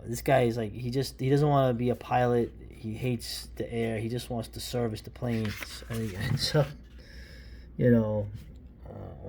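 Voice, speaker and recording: This comic book reviewer is a New York man in his fifties with a medium-pitched, gravelly, mellow voice, and a little hiss or hum sits in the recording. Paging through an old comic, he gives casual, opinionated commentary that rambles, with lots of restarts and asides.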